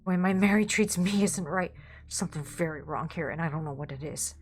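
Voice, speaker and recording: A woman voicing a lecherous, paranoid old male gravedigger who confides in hushed, fretful tones. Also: on the low side, a little fast, gravelly. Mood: hushed, anxious.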